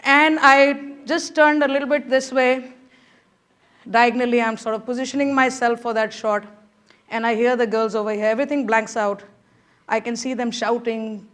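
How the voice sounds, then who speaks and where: Woman speaker with a high voice, telling a lively anecdote at a conference. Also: brisk. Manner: animated, acts out quoted voices, laughs while telling. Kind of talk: motivational storytelling talk. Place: conference hall stage.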